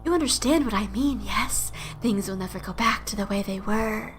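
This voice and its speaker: A woman voicing a cryptic, ominous stranger in a video game, speaking hushed, slow and foreboding. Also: mid-range voice, soft background music, lightly acted.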